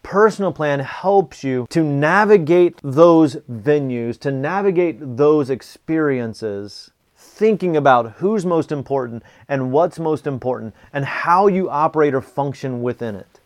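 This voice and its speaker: A man's voice: on the high side, expressive, a little slow, few pauses. A middle-aged man giving a motivational talk, telling personal stories and repeating key phrases earnestly, with the odd chuckle. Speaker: speaker teaching a planning method.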